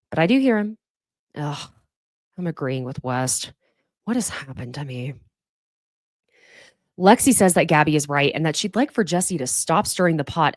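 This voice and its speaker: Lowish-voiced woman, sassy reality-show recapper, swoops up in pitch for emphasis, dry close sound. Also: dry recording. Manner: animated, sassy commentary with exaggerated pitch jumps. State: sniffly from allergies. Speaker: podcast host.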